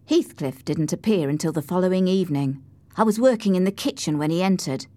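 A woman narrating a storybook in the first person, slow, clear and expressive. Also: fairly low pitch, dry recording. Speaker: audiobook narrator.

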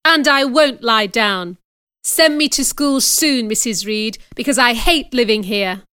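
A woman reading an audiobook, voicing a furious, defiant young orphan girl in loud, indignant outbursts. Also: a little high, a little slow, clean tone, no room sound, studio quality.

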